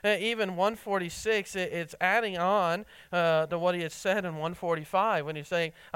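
A pastor with a fairly high voice delivers a sermon with earnest, stumbling intensity, restarting words again and again and leaning on fillers. His intonation is fairly even, yet he rises in pitch and force to stress a point and drops low and quiet when reflecting. His smooth, clear tone is captured dry and close with no room sound, though the audio quality is poor.

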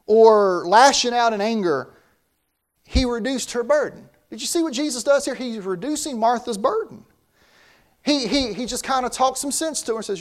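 Brief: male pastor, high-pitched voice, talky sermon delivery that keeps repeating words. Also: animated, normal speed. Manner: conversational preaching with frequent word repeats.

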